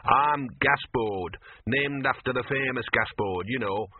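A man doing a gruff, sly mongrel dog. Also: medium pitch, a little slow, background noise, natural voice. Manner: gruff, muttering out of the corner of the mouth. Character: scruffy, sly, grumpy little male mongrel dog. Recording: dry, tinny phone-like sound.

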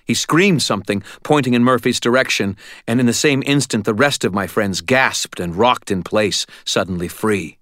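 A man narrating a first-person audiobook in a steady, dramatic way, recorded close on a studio mic. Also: mid-range voice, moderate pace, no room sound.

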